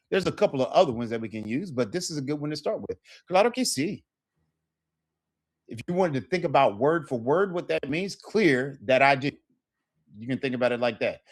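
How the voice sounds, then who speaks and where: A middle-aged man teaching an online Spanish lesson, repeating phrases with rising emphasis. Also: medium pitch.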